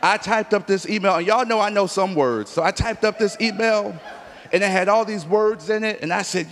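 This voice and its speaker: Man preaching, fairly high voice, emphatic storyteller, long church hall echo. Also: normal speed. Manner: emphatic storytelling preacher, acts out dialogue, rises to near shouts. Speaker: pastor. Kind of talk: sermon. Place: church sanctuary.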